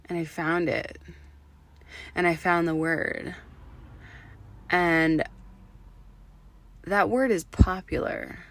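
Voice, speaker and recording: Excited hoarse woman podcaster. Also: mid-range voice. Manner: excited and effusive, drops to whispers for emphasis. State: hoarse from illness. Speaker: podcast host. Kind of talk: solo podcast monologue.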